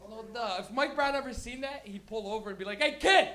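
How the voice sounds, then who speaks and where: A man's voice: extremely high pitch, fast talker, a bit bright. A man doing crude, rambling live stand-up comedy as host, acting out characters for a crowd. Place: comedy venue before a live audience.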